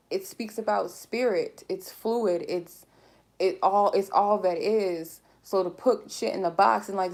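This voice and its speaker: A woman's voice: fairly low pitch, a little mellow. A woman giving a collective tarot reading in a casual, rambling way, speaking candidly and swearing freely. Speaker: tarot reader.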